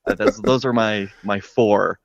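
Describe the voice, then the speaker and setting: A man's voice: lowish voice, fairly even intonation, vocal fry. A man co-hosting a livestream in a chatty, joking way, riffing on the side while the host works. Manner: jokey, chatty, quick to riff. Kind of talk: casual livestream banter. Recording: dry, slightly dull mic sound.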